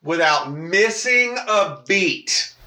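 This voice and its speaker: A man's voice: high-pitched, lively intonation, drawn-out words, background noise. A man co-hosting a casual podcast, telling a story with crude language, acting out the voices of the people in it. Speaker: podcast co-host. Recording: roomy echo.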